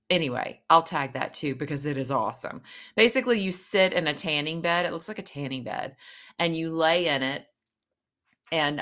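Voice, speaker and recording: Bright, low-voiced woman rambling. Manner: rambling, candid, self-mocking storyteller. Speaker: vlogger. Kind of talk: casual chat.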